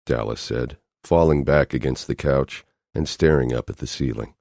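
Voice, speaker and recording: A man's voice: extremely low pitch, normal speed, creaky, a little mellow, dry recording. A man narrating a romance audiobook in an intense, dramatic way on a close studio mic. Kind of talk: scripted narration.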